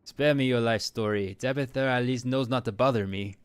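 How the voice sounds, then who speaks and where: A man's voice: mid-range voice, fairly quick, smooth, dry recording, natural voice. A man voicing a haughty, mean French house cat in a fake French accent, sneering and theatrical. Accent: put-on French.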